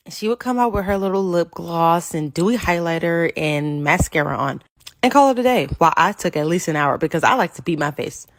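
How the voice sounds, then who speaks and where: Young woman narrating storytime, lowish voice, jumps way up doing other people's lines, dry sound. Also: expressive, brisk, no room sound. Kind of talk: scripted first-person story narration.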